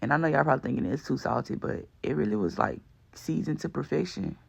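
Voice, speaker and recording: A man with a fairly high, creaky and husky voice talks fast as he narrates his cooking vlog. The voice-over is casual, chatty and slangy, rambling along with lots of fillers.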